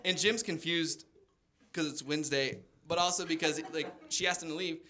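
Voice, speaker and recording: Man, thirties, stand-up comedy, rambling storyteller, bright somewhat high voice. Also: fairly even intonation, moderate pace. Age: 30s. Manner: rambling storytelling with acted-out quotes. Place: stage before a laughing audience.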